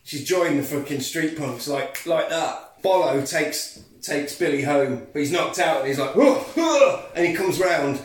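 A man's voice: a little high, normal speed, far from the mic, slight background noise. A man hosting a podcast, telling a film's plot with energy, swearing and laughing as he goes. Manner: energetic storyteller, swears freely, laughs often. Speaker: podcast host recapping a film. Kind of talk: casual chat, animated plot retelling. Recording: echoey room, off-mic.

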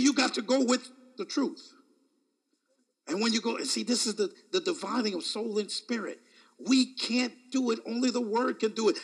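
In a very high, husky voice, a man preaches dramatically, swinging from shouts to hushed asides and chuckling often between phrases.

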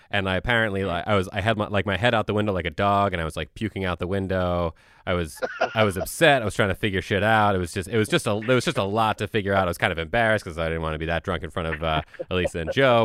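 A man chatting casually, telling his story haltingly with many restarts. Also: fairly low pitch, fairly bright tone, no echo, clean studio sound. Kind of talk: casual chat.

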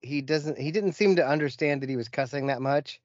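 A man's voice: on the high side, brisk, no echo, dull audio. A man chatting casually on a video call, rambling and swearing freely as he tells stories about his work as a teacher. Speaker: co-host, teacher. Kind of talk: casual chat.

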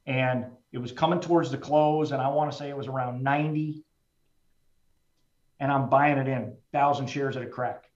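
A man's voice: medium pitch, steady tone, moderate pace. A middle-aged man, a trader, telling a personal story in a frank, heartfelt, plain-spoken way. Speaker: trader speaking as a guest. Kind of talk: candid personal storytelling in a conversation. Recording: roomy, slightly dull sound.

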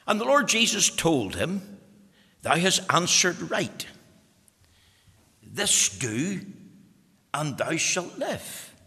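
A male preacher delivers a sermon in a bright, forceful voice that rises and falls with lively emphasis. His pitch sits a little high for a man, and his words ring out with a long echo as if filling a large church hall. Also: vocal fry. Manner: emphatic, explanatory preaching to young listeners.

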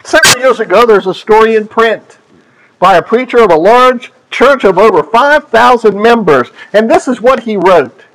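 A male pastor preaching a sermon, telling stories in an animated, playful way. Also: high voice, moderate pace, poor audio.

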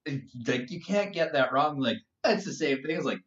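A Canadian man chatting on a podcast, telling animated stories and laughing often. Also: fairly high pitch, normal speed, recorded from a distance. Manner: animated storytelling with frequent laughter. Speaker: podcast co-host. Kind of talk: casual chat. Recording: roomy, dull, from off-mic.

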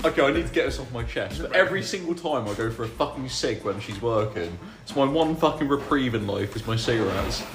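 A man vents his complaints in casual banter and swears freely, his pitch rising and falling in a lively way. The room is echoey, and music plays clearly behind him. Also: brisk, few pauses. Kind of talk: casual banter among coworkers.

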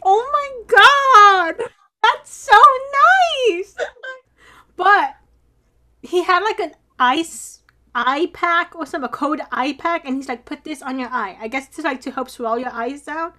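A young woman with a high, bright-sounding voice chats casually about the episodes she watched. She talks in an animated way, swears freely and acts out her own reactions as she goes. Her delivery is loose and conversational. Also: normal speed. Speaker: podcast co-host. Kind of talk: casual chat recapping a drama.

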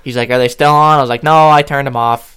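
A man in his twenties chats casually with friends on a podcast. He tells his story with animated energy and acts out what everyone said. His voice sits at a medium pitch and often jumps up when he laughs. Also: fast talker, clean tone. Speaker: podcast co-host.

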